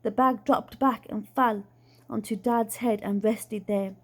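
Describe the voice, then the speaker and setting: A woman's voice: on the high side, fairly even intonation, unhurried. Woman reading a children's story aloud. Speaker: reader.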